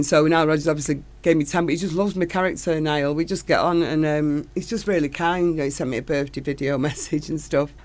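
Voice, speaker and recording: A middle-aged woman singer, chatting enthusiastically as an interview guest. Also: deep voice. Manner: gushing, enthusiastic storytelling. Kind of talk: casual interview chat.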